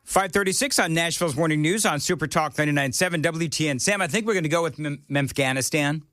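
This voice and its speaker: A man's voice: a little high, fast talker, fairly bright tone, no room sound, studio quality. A man hosting a morning talk radio show, opinionated and joking. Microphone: studio mic.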